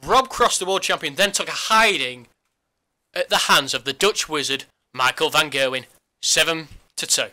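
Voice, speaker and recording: A man co-hosts a casual sports podcast, his voice very bright and sharp. He teases his partner constantly, pitched a little high. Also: moderate pace. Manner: teasing, jokey banter. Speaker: podcast co-host.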